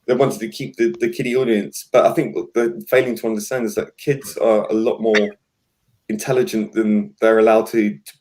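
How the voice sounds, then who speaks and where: A man's voice: lowish voice, little pitch movement, normal speed, a little mellow, a little hiss or hum. A man hosting a casual chat, talking with frequent fillers and restarts and voicing firm opinions. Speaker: podcast host.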